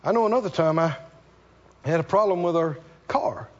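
A man preaching a sermon, telling stories with animated asides and laughter, and repeating key lines slowly for emphasis. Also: on the high side, highs cut off.

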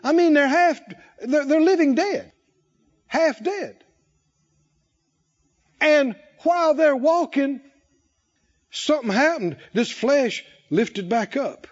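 A man's voice: extremely high pitch, expressive, slow pace, long pauses, dull audio. A man preaching a sermon, telling stories dramatically and acting out the voices of the people in them. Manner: dramatic storytelling, acting out voices, shouting peaks.

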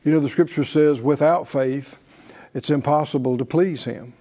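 A man's voice: a little high, normal speed, warm tone. A man teaching a faith class in a conversational sermon style, with frequent fillers and restarts, leading his audience in call-and-response.

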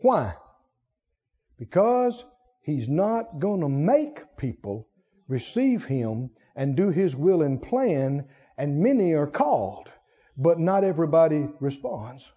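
A man preaching a sermon, swinging between high emphatic bursts and low quiet asides and acting out quoted prayers in a raised voice. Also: very animated, slow, husky. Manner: acts out quoted prayers and God's words in raised voice. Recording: dull lo-fi sound with long hall reverb.

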